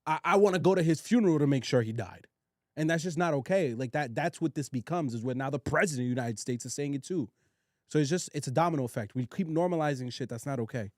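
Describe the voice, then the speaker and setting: A man co-hosting a podcast, blunt and animated, talking in slang. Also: a little high, fast, no room sound, studio quality. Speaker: podcast co-host. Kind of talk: casual podcast chat.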